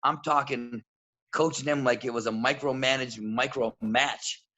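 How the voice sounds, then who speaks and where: A man talking as a wrestling coach in a casual interview, blunt and animated, acting out what people said. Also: medium pitch, moderate pace. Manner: blunt, animated, acts out quotes. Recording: dull lo-fi audio.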